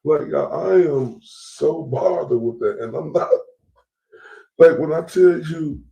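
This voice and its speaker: Gravelly slow-talking man ranting on stream. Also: a little high, dark tone, roomy sound, poor audio. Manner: rambling, repeats himself, slangy and heated. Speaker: livestream host. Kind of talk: casual livestream rant.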